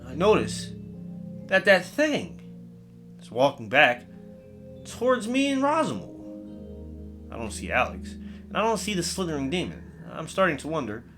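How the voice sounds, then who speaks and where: A man's voice: a little high, huge pitch swings, normal speed, pauses often, a bit bright, faint music behind. A man telling a comedic scary story in a casual, rambling way with lots of swearing.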